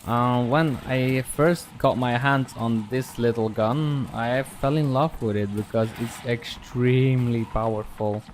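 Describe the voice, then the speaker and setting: A man giving casual, relaxed commentary over his own gameplay, pausing often with ums and restarting sentences. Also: mid-range voice. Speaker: gaming channel host. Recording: clear background noise.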